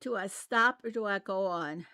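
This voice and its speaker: A woman from Arkansas hosts a game channel, chatting about her gameplay with frequent laughter and a light Southern US accent. Her medium-pitched voice moves at a moderate pace and sounds pushed and bright, captured dry with clean studio sound.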